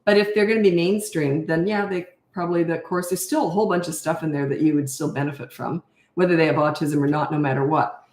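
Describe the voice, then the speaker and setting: A woman's voice: sits low, steady tone, fast, a little mellow, reverberant. An older woman coaching parents, answering viewer questions in a blunt, emphatic way and repeating her key points.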